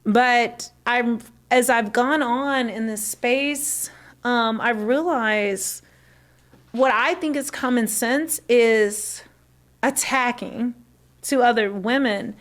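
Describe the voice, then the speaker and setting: A woman's voice: on the high side, slow pace. A woman from the American South chatting casually on a livestream, rambling with many fillers and restarts.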